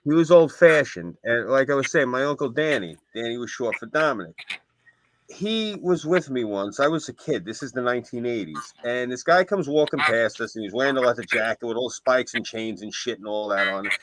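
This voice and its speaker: A man's voice: mid-range voice, expressive, a little fast, a bit bright. A man co-hosting a casual stream, telling rambling anecdotes. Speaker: stream co-host. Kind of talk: casual stream chat, storytelling. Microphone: desk mic on a stream.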